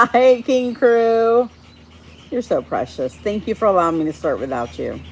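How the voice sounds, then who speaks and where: A woman's voice: fairly high pitch, unhurried, fairly bright tone. Woman chatting on a livestream, greets everyone by name, laughs a lot, bit of faint noise behind. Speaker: livestream host reading viewer chat. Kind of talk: casual live-stream chat.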